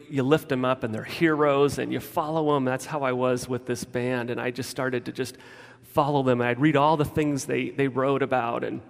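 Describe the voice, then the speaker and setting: A man's voice: mid-range voice, vocal fry. A man preaching a casual, story-driven sermon as a pastor, often restarting his sentences. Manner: informal storytelling with frequent restarts. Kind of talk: conversational sermon. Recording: long reverb of a large hall.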